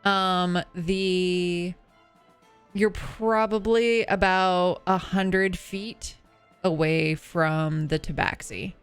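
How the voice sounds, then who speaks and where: A woman's voice: lowish voice, steady tone, drawn-out words, clean tone, soft background music. A woman narrating as game master of a tabletop game, hesitant and full of fillers.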